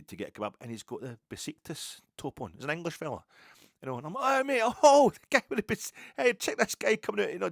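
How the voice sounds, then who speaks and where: A man's voice: low-pitched, no echo, clean studio sound. A middle-aged Glaswegian man chatting casually as a football podcast host, rambling and jokey with many asides. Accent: Glaswegian Scottish. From Scotland. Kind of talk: casual storytelling chat.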